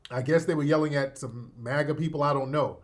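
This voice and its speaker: Animated man ranting in slangy street talk. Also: a little high, a little fast. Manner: animated, slangy, emphatic with sudden loud outbursts. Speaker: political commentary streamer. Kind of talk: casual political commentary.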